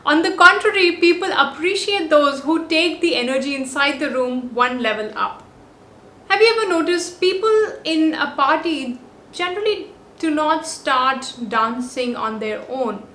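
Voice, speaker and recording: Speaking at a normal speed, this woman sounds high-pitched, expressive, bright and forceful as she runs through upbeat, emphatic body language tips point by point for her vlog. The scripted piece comes through a compact on-camera mic with a roomy echo and a little hiss or hum.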